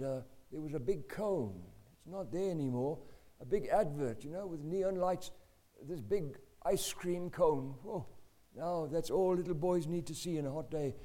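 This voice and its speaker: An older man with a South African accent, telling a family story in a lively, animated way with asides. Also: a little high. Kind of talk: personal anecdote.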